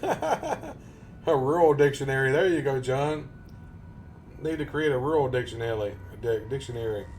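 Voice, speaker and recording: A man's voice: mid-range voice, lively intonation, normal speed, long pauses, a little mellow, slight background noise. Folksy man, casual streamer talk. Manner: folksy, rambling, chuckles often. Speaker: gaming live streamer. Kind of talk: casual chat over gameplay.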